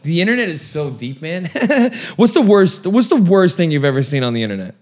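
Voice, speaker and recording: A man's voice: on the high side, very animated, a little fast, a little mellow. A young man in laid-back casual chat who calls his friend "man" and laughs often.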